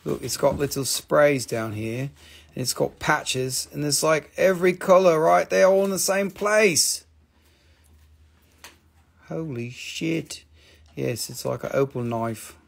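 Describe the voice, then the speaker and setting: Gravelly-voiced man, stone-shop seller on a live sale, loose and profane. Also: a little high, animated, a little slow. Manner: casual, profane, enthusiastic about the rocks. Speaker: shop owner selling stones on a livestream. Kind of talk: live sales stream.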